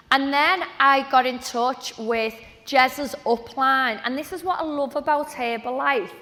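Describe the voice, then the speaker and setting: A woman with a high, bright voice tells her own story to an event audience in a motivational talk. She chats along and acts out the conversations she remembers. Her voice rings through an echoey large hall from a stage microphone. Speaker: speaker at a training event. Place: event venue with a live audience.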